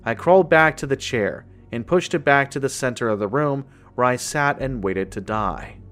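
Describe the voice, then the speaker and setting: Over soft background music, a mid-pitched male voice tells a first-person horror tale at an even, measured pace.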